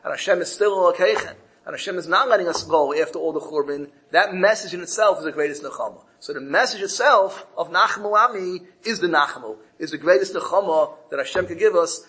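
Higher-voiced man telling a Torah parable. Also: a bit bright, slight background noise, poor audio. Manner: storytelling, lifts his voice when quoting characters; repeats words and restarts phrases. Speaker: Torah teacher.

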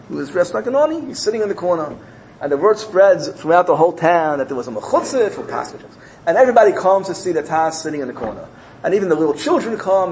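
Animated man telling a story. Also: on the high side, a little hiss or hum, low-quality recording. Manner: repeats phrases, uses Yiddish and Hebrew terms.

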